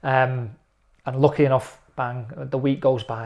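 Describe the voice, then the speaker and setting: A man, a former footballer telling animated stories in a casual interview. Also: mid-range voice, unhurried. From England. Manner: chatty, animated storytelling with lively quoted voices.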